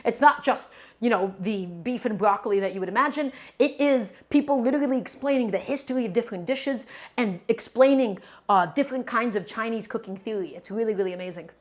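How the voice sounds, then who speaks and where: A woman's voice: fairly high pitch, fairly quick, few pauses. A woman streaming a cooking lesson from her home kitchen, talking to her viewers in an emphatic, repetitive way. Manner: emphatic, repeats key points while chatting to viewers.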